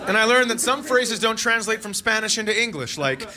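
A man's voice: high voice, fairly quick, few pauses, over a noisy crowd. A man from Minnesota doing a stand-up comedy routine, joking and acting out voices and sounds. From Minnesota, USA. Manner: animated, jokey, acts out voices and sounds.

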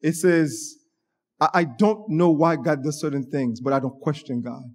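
A pastor delivers an emphatic sermon, repeatedly stammering and restarting words mid-phrase. His voice is fairly high with a darkish tone, at a moderate pace.

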